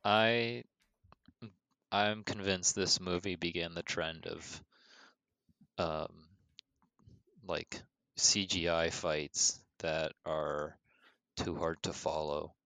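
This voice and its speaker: A man's voice: low-pitched, fairly even intonation, extremely slow, long pauses, bright, forceful tone, no echo, low-quality recording. A young man co-hosting a podcast in casual chat, laid-back, often answering in short agreeing remarks. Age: young adult. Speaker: podcast co-host.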